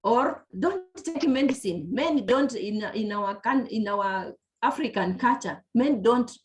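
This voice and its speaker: A woman's voice: on the high side, unhurried. A woman giving an earnest palliative care lecture over a video call, often restarting her sentences. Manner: earnest, explanatory, frequent restarts. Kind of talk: presentation lecture.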